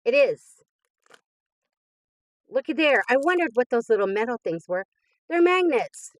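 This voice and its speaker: A woman hosting a craft channel, chatting casually as she unboxes mail, gushing and laughing softly. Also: a little high, animated, moderate pace, poor audio.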